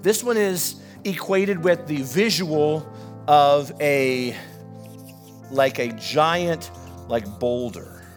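A man preaching a sermon as pastor, building animated emphasis as he goes. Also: fairly high pitch, very slow, soft background music. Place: church.

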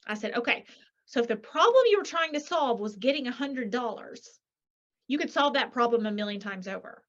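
A woman author, speaking as a guest in an interview. Her voice sits fairly high, and her delivery is animated, with many rhetorical "right?"s and quick acted-out quotes. The recording sounds dull and lo-fi.

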